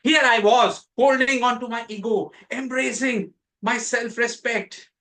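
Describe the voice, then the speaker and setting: Bright, high-voiced Indian man speechmaking. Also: fairly even intonation, poor audio. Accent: Indian English. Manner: storytelling with dramatic pauses and emphatic rises. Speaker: contest speaker. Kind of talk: prepared speech. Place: club meeting room.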